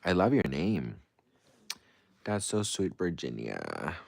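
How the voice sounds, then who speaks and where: Reading out comments on his livestream, a low-voiced man speaks slowly, his pitch swooping wildly and his voice dipping into vocal fry. His answers are playful and theatrical, swinging between casual and gushing.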